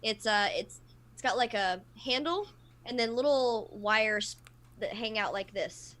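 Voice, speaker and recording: Bright, high-voiced woman chatting animatedly. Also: measured pace. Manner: animated storyteller, laughs often. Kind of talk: casual panel chat.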